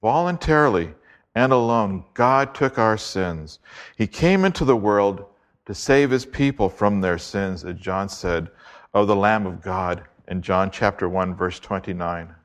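A man with a fairly low voice preaching an expository sermon. He reads scripture aloud and leans hard on key words, slowing down and repeating phrases for emphasis. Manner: emphatic, deliberate, slows to stress key words.

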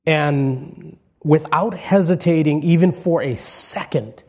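A male pastor giving a funeral eulogy sermon in a church, telling stories in a conversational way with gentle humor and frequent restarts. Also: on the high side, slow pace, breathy edge. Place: church sanctuary.

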